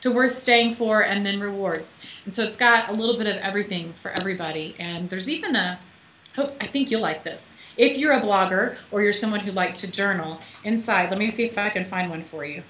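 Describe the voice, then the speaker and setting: A chatty woman speaking from her home office over a call, her voice bright and forward. The room around her is echoey, with a faint hum of background sound. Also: mid-range voice, fairly quick. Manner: chatty, laughing, emotional. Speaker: author guest. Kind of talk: casual interview on a call. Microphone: call audio.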